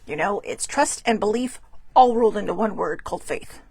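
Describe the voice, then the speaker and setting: A woman hosting a casual spiritual card reading, chatty and self-correcting, reading passages slowly aloud. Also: medium pitch, lively intonation, darkish tone, breathy edge, no echo. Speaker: host reading oracle cards.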